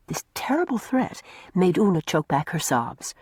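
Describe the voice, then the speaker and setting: A woman's voice: moderate pace, husky, dry recording, clean studio sound. A woman narrating a classic novel as an audiobook, telling the story expressively. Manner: expressive storytelling with varied pitch.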